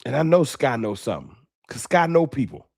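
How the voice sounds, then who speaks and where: A man's voice: medium pitch, lively intonation, a little fast, creaky, a little mellow, dry recording, studio quality. A man hosting a late-night sports fan livestream, talking off the cuff with emotion and slang. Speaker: sports fan show host.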